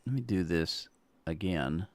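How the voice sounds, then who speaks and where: A man's voice: low voice, lively intonation, a little slow, heavy background noise. A man hosting a gameplay stream, chatting casually and talking to himself as he plays. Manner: rambling, chatty, talks to himself and chat. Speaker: gaming channel host. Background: rain sounds from the game.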